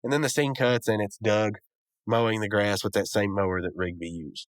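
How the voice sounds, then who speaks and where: A man's voice: lowish voice, steady tone, moderate pace, dry recording. A man hosting a podcast, casually recapping a cartoon episode with rambling asides and chuckles. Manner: rambling, chuckling, lots of fillers. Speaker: podcast host.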